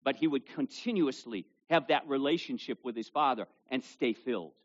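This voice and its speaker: A male pastor preaching a sermon to a congregation with kids present, reading scripture loudly and dropping low for asides. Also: moderate pace, highs cut off. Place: church service with children present.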